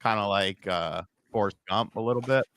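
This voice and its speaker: Fairly low in pitch and fairly bright in tone, the man's voice moves at a moderate pace in a dry recording. He runs a podcast livestream in a loose, meandering style, dropping swears, reading donations, and laughing at his own jokes, tired from a short night.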